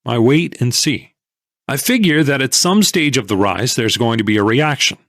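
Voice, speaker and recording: A man narrating an audiobook in first person, measured and conversational. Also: medium pitch, lively intonation, fairly bright tone, no room sound, studio quality.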